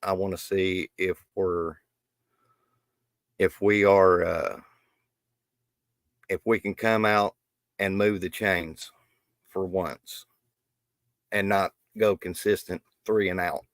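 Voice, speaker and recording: A man's voice: low voice, fairly even intonation, slow, pauses often, dry recording, studio quality. A middle-aged man hosting a live stream, talking in a rambling, folksy way with many restarts. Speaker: livestream host. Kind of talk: casual live stream talk.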